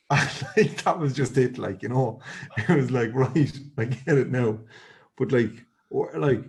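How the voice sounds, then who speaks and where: A man's voice: medium pitch, normal speed, husky. An Irish man co-hosting a podcast, rambling through a story in casual chat. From Ireland. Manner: rambling, filler-heavy storyteller. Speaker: podcast co-host.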